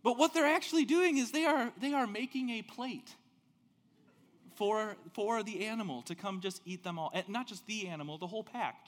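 A man preaching a sermon as pastor, telling stories with big swings between loud and soft. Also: moderate pace, big-room sound. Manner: animated storytelling, big swings in pitch and loudness.

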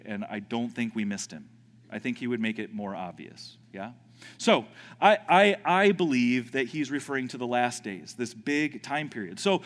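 Animated male preacher in a reverberant hall. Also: medium pitch. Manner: animated, repeats words, acts out panicked voices. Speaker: pastor. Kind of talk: sermon.

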